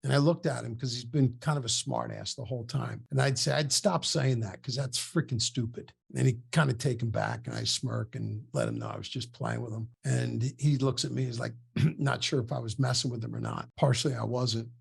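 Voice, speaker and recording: Male sales coach, husky and gravelly, animated storyteller on an online call. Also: mid-range voice, fairly quick. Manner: animated, acts out the people he quotes. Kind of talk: storytelling case study. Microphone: online meeting with screen share.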